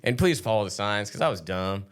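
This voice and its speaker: Low-pitched man, rambling, swears freely, casual podcast chat. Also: lively intonation, fairly quick, smooth. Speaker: podcast co-host.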